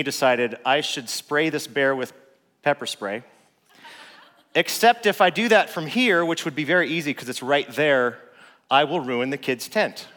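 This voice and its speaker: A man, a father, telling a personal story in a relaxed, conversational way with lots of filler words. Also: mid-range voice. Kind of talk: casual storytelling. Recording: long reverb.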